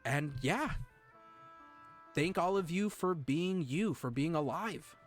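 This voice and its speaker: A man streaming live, talking earnestly and emotionally to his chat, with halting restarts. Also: a little high, lively intonation, faint music behind.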